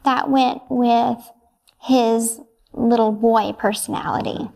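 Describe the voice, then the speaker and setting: Soft-spoken hesitant young woman, gravelly. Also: on the high side, steady tone, slow. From United States. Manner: soft, hesitant, brief answers with many ums. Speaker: interviewee. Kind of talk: answering interview questions.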